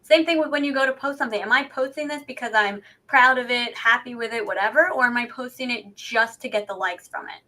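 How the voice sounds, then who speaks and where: A woman's voice: a little high, a little fast, few pauses, sharp tone. A woman co-hosting a podcast in casual chat, talkative and self-deprecating, posing rhetorical questions. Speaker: podcast co-host.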